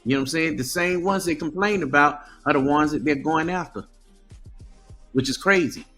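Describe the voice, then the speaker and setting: A man's voice: a little high, moderate pace, bright, forceful tone, soft background music. A man talking casually on a live stream, often stammering and restarting his sentences.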